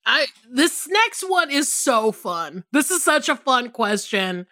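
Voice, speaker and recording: Woman cohost chatting and laughing, bright voice, dry close sound. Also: high-pitched, takes it slowly, no echo. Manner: laughs often, animated. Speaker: podcast co-host. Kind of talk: casual chat.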